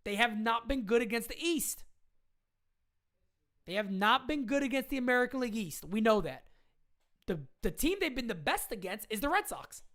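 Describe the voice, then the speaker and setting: A woman's voice: on the high side, sing-song, normal speed, long pauses, fairly bright tone. A woman hosting a casual live stream chat, talking in slangy, emphatic bursts, repeating her points and answering viewer questions. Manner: slangy fan talk, occasional swearing.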